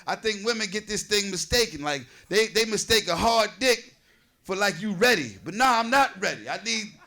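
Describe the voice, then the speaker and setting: Bright-voiced man in his forties doing stand-up. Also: high voice, lively intonation, normal speed. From New Jersey. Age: 40s. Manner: loose, conversational, riffs with the audience. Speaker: stand-up comedian. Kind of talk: stand-up comedy set. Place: comedy stage.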